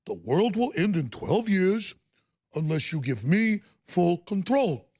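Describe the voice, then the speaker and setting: A man putting on a mock impression of an elderly male politician, speaking in a drawn-out, condescending way. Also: high-pitched, sing-song, a little mellow, husky, exaggerated voice.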